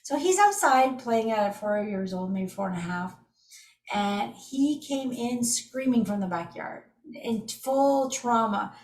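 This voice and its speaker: Recorded from a distance in an echoey room, a middle-aged woman with a fairly high voice speaks slowly. She teaches an energy healing method with enthusiasm, telling it as a casual story full of lively asides.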